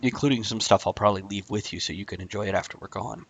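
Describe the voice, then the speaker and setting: A man's voice: lowish voice, fast talker, very noisy. A man hosting a casual online talk show, chatty and teasing, often laughing. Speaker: podcast host. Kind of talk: casual chat.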